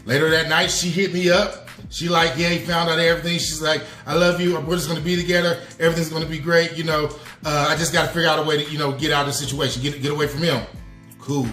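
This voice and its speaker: A man tells a long personal confession on his podcast, talking in loose street slang and turning to the listeners with "y'all". His voice sits a bit high for a man. The room is echoey, with faint music underneath. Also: little pitch movement, quick pace, bright, forceful tone. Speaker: podcast host. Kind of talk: storytelling confession.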